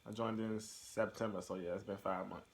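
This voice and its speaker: A man's voice: on the low side, fairly even intonation, moderate pace, gravelly. A young man talking casually to his camera and answering tag questions, loose and profane, with lots of fillers. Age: young adult. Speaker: recruit in the delayed entry program. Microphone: camera mic.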